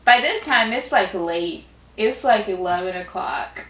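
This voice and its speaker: A woman's voice: mid-range voice, animated, measured pace, a bit bright. A woman telling a story in casual chat with her partner, laughing often and talking with lots of fillers. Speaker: vlog co-host. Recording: roomy echo.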